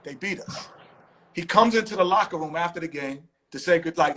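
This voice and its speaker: Bright, animated male storyteller. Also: fairly high pitch, a little fast, slightly rough, poor audio. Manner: animated storytelling, acts out quotes. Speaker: host. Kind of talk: casual live-stream chat.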